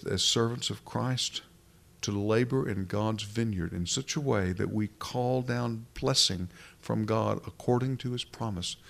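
A man's voice: medium pitch, vocal fry. A man preaching a sermon in an earnest, emphatic way, asking rhetorical questions as he works through scripture.

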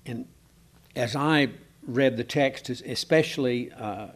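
Teaching a Bible passage to a small congregation, a medium-pitched preacher stays relaxed and conversational. He pauses on fillers a lot and keeps asking his listeners questions.

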